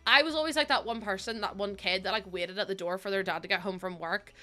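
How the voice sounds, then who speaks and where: A woman's voice: medium pitch, fast, pushed and bright. A young woman live streaming, chatty and giggly as she greets viewers, sounding sniffly and close to tears. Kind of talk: casual live-stream chat.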